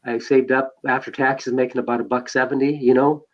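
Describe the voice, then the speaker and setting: A podcast guest rambles through his life story in conversation, full of fillers and restarts. His mid-range voice is flat and a little fast, and the recording sounds dull and lo-fi.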